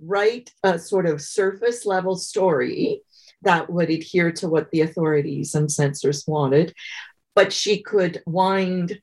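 A woman biographer being interviewed, telling anecdotes conversationally with thoughtful pauses and frequent fillers. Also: lowish voice, darkish tone, low-quality recording. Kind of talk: conversational storytelling.

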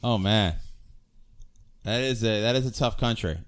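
A man co-hosting a comedy podcast, ribbing a caller in quick, deadpan banter. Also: lowish voice. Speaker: podcast co-host.

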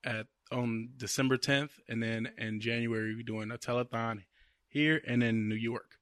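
Relaxed man guest, lots of ums. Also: mid-range voice, moderate pace, dry recording, studio quality. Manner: relaxed, hesitant with frequent ums. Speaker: guest musician and actor. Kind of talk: casual interview chat.

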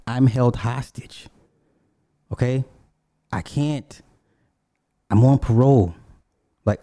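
A man hosting a call-in podcast, talking in blunt, casual, profane commentary and telling animated stories with frequent asides. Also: mid-range voice, no echo. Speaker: podcast host.

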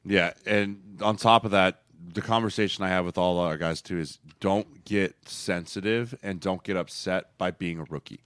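A man's voice: low voice, fairly even intonation, moderate pace, few pauses, fairly bright tone, smooth, no echo. A man in his thirties, a former football player co-hosting a podcast, talking with energy in a coaching tone and acting out what others said. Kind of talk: casual podcast chat.

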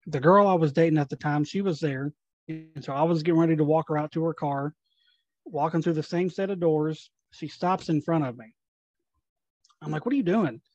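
A young man from Tennessee, a paranormal investigator, telling ghost stories in a casual, animated way and acting out the dialogue. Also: a little high, no room sound, highs cut off. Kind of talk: casual storytelling.

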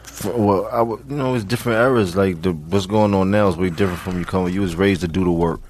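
Lower-voiced man, relaxed and halting. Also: a little hiss or hum. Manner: halting, restarts and repeats words, relaxed slang. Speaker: guest rapper. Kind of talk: casual chat.

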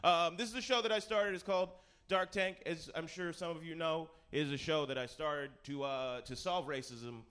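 Man, comedy host, slightly high voice, dry sarcastic patter on a live stage mic. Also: clear, resonant tone. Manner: deadpan, sarcastic, halting with fillers. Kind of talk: stand-up hosting a comedy panel. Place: live stage before an audience.

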